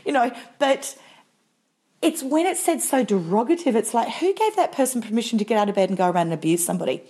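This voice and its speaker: A woman's voice: on the high side, expressive, fast talker, mellow, breathy edge. A middle-aged woman co-hosting a podcast in casual, frank chat, stressing her points and acting out what others say. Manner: frank, emphatic, acts out quoted voices. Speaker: podcast co-host.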